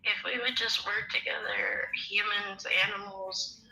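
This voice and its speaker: Soft-spoken woman caller, gravelly and bright. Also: medium pitch, fairly even intonation, unhurried. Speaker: caller on a live stream. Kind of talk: call-in conversation. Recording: distant, roomy with faint music.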